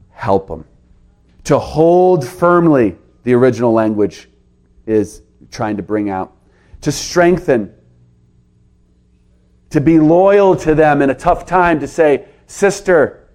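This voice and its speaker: A man preaching a sermon to his congregation, earnest, with his pitch rising and dropping for emphasis. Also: a little mellow. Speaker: pastor.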